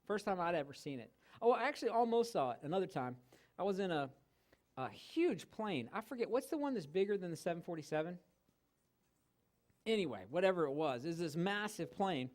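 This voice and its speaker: A man giving a church teaching talk, telling stories with humor and animated delivery. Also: high voice, brisk. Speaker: guest teacher. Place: church hall.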